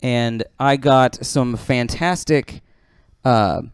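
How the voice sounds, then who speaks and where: Brief: casual podcast host, a man, rambling, smooth dry close-mic voice. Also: mid-range voice, no room sound. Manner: rambling, lots of fillers, quick bursts.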